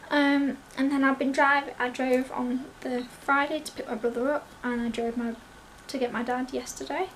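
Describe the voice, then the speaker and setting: A young woman, telling a story in an excited, breathless rush and acting out what everyone said. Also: sits high, moderate pace, slight background noise. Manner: breathless, gushing, acts out quoted voices. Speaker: vlogger.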